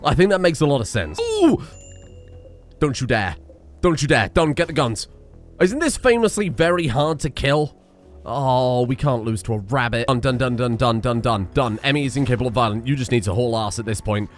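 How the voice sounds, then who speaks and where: A man giving chatty, excitable commentary while playing a game, swearing often. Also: mid-range voice, fairly quick, faint music behind. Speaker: gaming streamer. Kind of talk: casual gameplay commentary.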